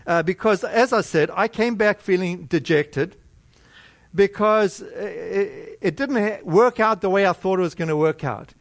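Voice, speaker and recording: A middle-aged American man preaching a sermon, telling a personal story in a conversational, animated way with many restarts. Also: high voice, a little slow, vocal fry, no room sound.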